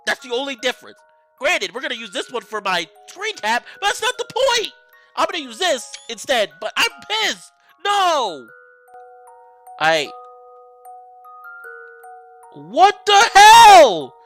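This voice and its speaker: A woman hosting a let's play, reacting to the game with excitable, exasperated outbursts. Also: high-pitched, moderate pace, soft background music. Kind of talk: game commentary.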